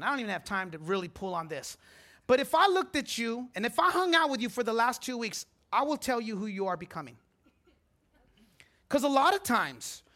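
A man's voice: very high-pitched, pushed and bright. A man in his forties preaching a sermon as pastor, telling a funny personal story, acting out the voices and laughing often. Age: 40s.

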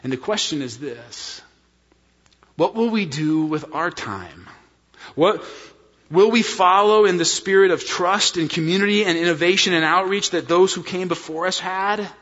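A man's voice: sits high, moderate pace, a bit bright. A man preaching a sermon as pastor, earnest and storytelling, calling his congregation friends. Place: church sanctuary. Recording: dull sound in a reverberant church hall.

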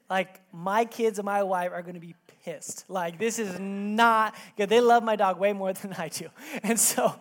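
A man in his thirties preaching a sermon in a church, telling a personal story with lively acted-out quotes before reading scripture. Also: sits high, unhurried. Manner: animated storytelling, acts out quotes with raised voice. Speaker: pastor.

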